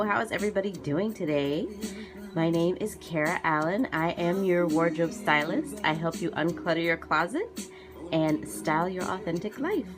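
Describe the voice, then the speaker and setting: A woman wardrobe stylist hosting a casual live stream, bubbly and quick to laugh as she greets viewers by name. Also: fairly low pitch.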